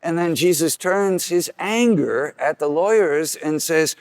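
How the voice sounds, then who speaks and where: A man's voice: a little slow, hardly any pauses, no room sound, clean studio sound. Earnest man preaching a homily. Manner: earnest preaching, acts out quoted voices with rising pitch. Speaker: priest.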